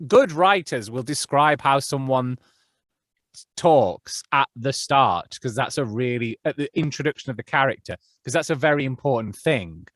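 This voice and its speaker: A man's voice: mid-range voice, expressive, normal speed, a bit bright, no room sound. Rambling male audiobook narrator, dry sound. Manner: rambling, thinks aloud with many restarts. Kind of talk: casual interview chat.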